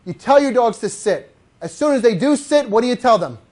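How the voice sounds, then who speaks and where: A woman's voice: on the high side, animated, brisk, darkish tone. A woman dog trainer teaching a live class, telling stories, acting out dogs and owners, and coaxing the group to repeat words after her.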